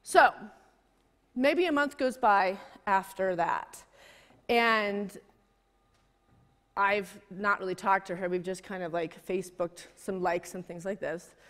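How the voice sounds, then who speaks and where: A woman preacher telling a personal story in a sermon, swinging between intense, emphatic delivery and hushed, softer passages. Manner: emotional, building to high intensity and dropping to hushed tones. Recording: long hall reverb.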